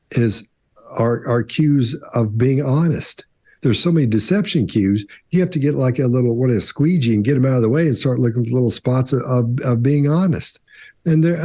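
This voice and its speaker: A man's voice: medium pitch, normal speed, no echo, studio quality. A man on a behavior analysis panel, talking casually and rambling a little as he explains deception cues. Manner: relaxed, rambling with restarts.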